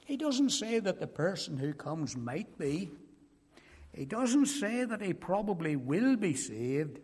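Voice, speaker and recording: Older preacher, slow and pleading, keeps repeating himself, big echoey hall. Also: male voice, a little high, breathy edge. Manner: emphatic, repeats key phrases, pleading. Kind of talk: evangelistic sermon. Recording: long hall reverb.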